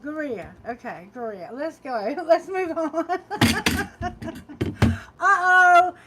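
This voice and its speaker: High-voiced Southern woman chatting on a live stream. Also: very animated, unhurried, heavy background noise. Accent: Southern American. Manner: chatty, laughs often, greets viewers warmly. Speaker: tarot reader. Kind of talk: live-stream chat with viewers. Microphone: phone.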